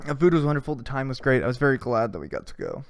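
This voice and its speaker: A man's voice: medium pitch, sing-song, racing, vocal fry, no room sound. A man hosting a casual podcast, telling a story with frequent swearing, laughter and hummed tunes. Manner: laughs often and hums tunes while telling stories; swears freely. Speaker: podcast host.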